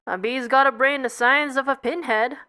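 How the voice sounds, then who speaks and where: Woman doing smug joking beekeeper guys, bright high voice, cartoon reading. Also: fairly even intonation, normal speed, clear, resonant tone. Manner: smug, jokey. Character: smug male beekeepers cracking jokes.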